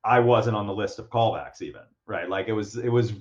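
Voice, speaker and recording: This actor, a guest in an informal interview, talks at length with many fillers, false starts and frequent laughter. His voice is on the low side and a little mellow, his pace brisk. The recording is lo-fi.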